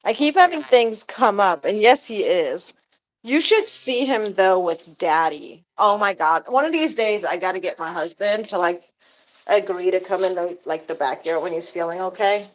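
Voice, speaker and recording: A woman's voice: expressive, moderate pace, poor audio. Chatty woman rambling with many fillers. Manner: rambling, filler-heavy, coos at her pet in a high baby voice. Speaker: pet goose owner vlogger. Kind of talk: casual chat to camera. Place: backyard outdoors.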